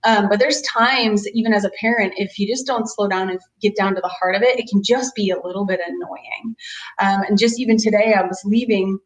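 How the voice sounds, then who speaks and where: A woman's voice: mid-range voice, steady tone, a little fast. Chatty woman in a roomy office. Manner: chatty and rambling, full of "um" and "you know"; acts out quoted voices of her kids and parents. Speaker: chiropractor giving a parenting webinar. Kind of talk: casual webinar talk. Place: her office. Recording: roomy, distant-sounding office recording.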